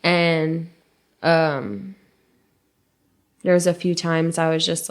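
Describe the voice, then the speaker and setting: A young woman co-hosting a podcast, telling a painful personal story in a halting, emotional way that drops to a hush at hard moments. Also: sits low, fairly even intonation, smooth. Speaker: podcast co-host.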